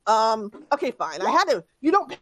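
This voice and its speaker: A woman's voice: on the high side, big pitch swings, normal speed, no room sound. A woman voicing a shifty male bandit underling who stalls and hedges his answers in a tabletop game. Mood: evasive. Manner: hesitant, evasive.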